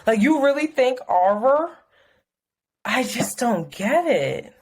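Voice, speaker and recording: A woman's voice: on the high side, takes it slowly. A woman co-hosting a podcast in casual chat, telling a story frankly and with plenty of swearing. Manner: frank, profane, animated storytelling. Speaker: podcast co-host.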